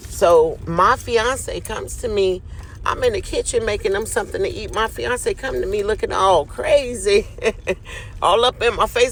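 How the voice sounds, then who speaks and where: Man, high-pitched, casual storyteller addressing listeners directly. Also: moderate pace, fairly bright tone. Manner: chatty, speaks straight to the audience as "y'all".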